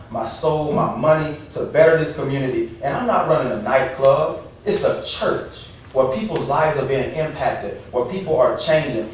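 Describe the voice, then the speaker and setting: A young pastor pleads his case with rising passion and indignation. His voice is caught from a distance, bouncing around a very echoey council chamber. A faint hiss runs underneath. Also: medium pitch. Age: 30s. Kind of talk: public comment at council meeting. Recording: echoey room from far off with faint noise.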